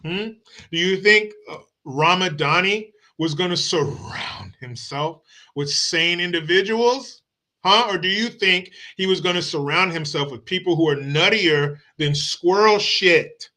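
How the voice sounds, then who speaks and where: A man hosts his own stream and rants in a casual, mocking, combative way, full of profanity. His voice is bright and forward. It also sits a little high for a man. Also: measured pace. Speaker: political commentary host. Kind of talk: casual political rant. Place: home streaming setup.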